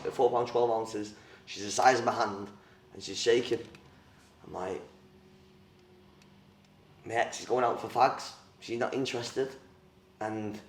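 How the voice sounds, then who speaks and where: A young man, a former boxer, telling his story in an interview, blunt and rambling, with plenty of swearing and fillers. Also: on the low side. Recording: roomy, mic at a distance.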